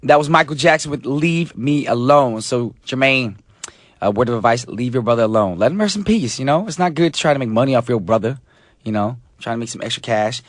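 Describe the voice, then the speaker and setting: Hoarse radio DJ, chatty. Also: male voice, medium pitch, expressive, brisk, dry recording, studio quality. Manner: chatty, joking, many fillers. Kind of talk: casual radio chat.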